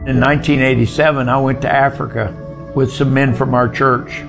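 A man's voice: medium pitch, fairly even intonation, normal speed, vocal fry, over music. An older man telling his personal testimony in a folksy, plainspoken way.

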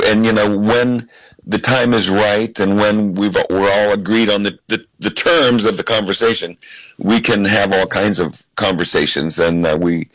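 Low-voiced man telling animated stories. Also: dry recording, low-quality recording. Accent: American. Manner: animated storyteller who acts out quotes. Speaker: guest, comedian and impressionist. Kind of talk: interview storytelling.

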